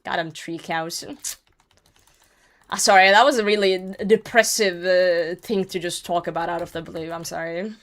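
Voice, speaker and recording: A woman's voice: lowish voice, steady tone, moderate pace. Chatty young woman streaming a game. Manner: chatty, swearing, laughing often. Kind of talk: casual chat while gaming.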